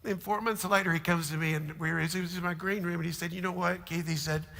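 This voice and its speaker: Middle-aged man, pastor, sermon storyteller, forceful and gravelly, big reverberant church. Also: high voice, fairly even intonation, fast talker. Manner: storytelling, swings from hushed to shouting. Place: large church auditorium. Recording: long hall reverb.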